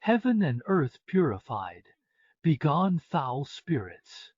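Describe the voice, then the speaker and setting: Casting: man voicing a stern exorcist, husky, slow solemn chant, dull recording. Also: a little high, big pitch swings, darkish tone, dry recording, exaggerated voice. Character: stern male exorcist priest chanting rites. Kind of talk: dubbed drama acting.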